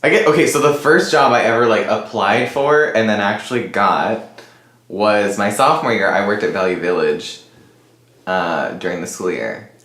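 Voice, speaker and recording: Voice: deep voice, lively intonation, normal speed, a bit bright, reverberant. A young adult co-hosting a student podcast, chatting loosely about a first job. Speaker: podcast co-host. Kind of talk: casual chat.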